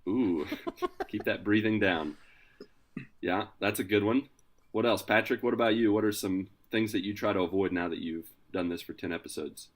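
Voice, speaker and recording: A man hosting a casual podcast, introducing his co-hosts with energetic, playful hype. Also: lowish voice, normal speed. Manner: energetic, hyped, playful announcer delivery. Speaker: podcast host.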